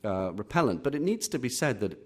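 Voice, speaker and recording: A middle-aged Englishman, a literary critic answering audience questions at a live reading, full of pauses and restarts. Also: medium pitch, very animated. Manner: hesitant, many fillers and restarts. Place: auditorium.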